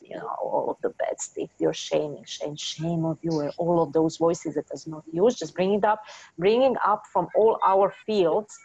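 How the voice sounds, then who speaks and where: A woman's voice: fairly low pitch, fairly even intonation, normal speed, vocal fry, a little mellow, husky, dull audio. A woman leading a guided healing session as an energy healer, repeating short commands in a chant-like way.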